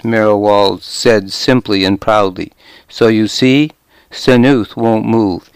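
A man reading a historical novel aloud, narrating in a measured way and voicing each character lightly. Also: fairly low pitch, clear, resonant tone, no room sound. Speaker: audiobook narrator. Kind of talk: scripted narration with character dialogue.

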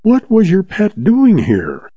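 A man voicing a self-assured young woman with a deliberate, sugary contralto, raised well above his own voice. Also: sits high, wildly swooping pitch, warm tone, slightly rough, no room sound, muffled recording, pitched above the performer's own voice, heavily acted. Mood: sharp.

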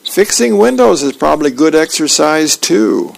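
A man voicing a cheeky young grandson from a comic strip, pitched up and wry, gravelly underneath. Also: expressive, moderate pace.

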